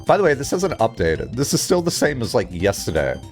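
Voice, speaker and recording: A man livestreaming, chatting casually with his viewers in a lively, rambling way, swearing freely and filling his talk with "like". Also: medium pitch, brisk, faint music behind. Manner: animated, chatty, swears casually, many "like" fillers. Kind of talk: casual livestream chat, answering chat.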